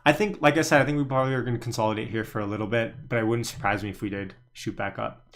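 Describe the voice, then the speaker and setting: A man's voice: medium pitch, steady tone, very fast. Chatty man doing live stock commentary. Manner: chatty, thinks aloud, answers viewer chat. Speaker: livestream stock trading host. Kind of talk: casual live market commentary.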